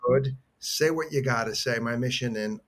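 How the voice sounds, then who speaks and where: A man's voice: mid-range voice, normal speed, fairly bright tone. A middle-aged man, an actor guest on a podcast, telling personal stories in an earnest, heartfelt way with many restarts. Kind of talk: conversational storytelling.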